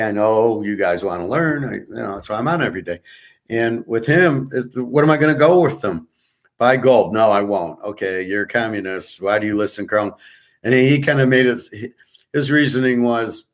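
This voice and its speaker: A man's voice: medium pitch, a bit bright. A man hosting his own daily online class, telling a story in a blunt, profane and exasperated ranting monologue.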